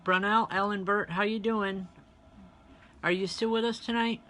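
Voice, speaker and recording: A woman medium giving a live online reading, chatty and direct with her viewers. Her voice is bright and forward. Faint noise sits behind her. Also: mid-range voice, fairly even intonation, normal speed. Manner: chatty, speaks straight to online viewers, relays spirit messages. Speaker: spiritual medium and reverend.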